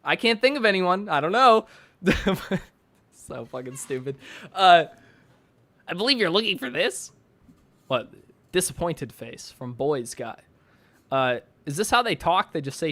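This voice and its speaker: Sarcastic streamer man, high lively voice. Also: a little slow, long pauses. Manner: sarcastic, mocking, laughs often. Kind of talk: casual reaction stream commentary. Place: his own bedroom.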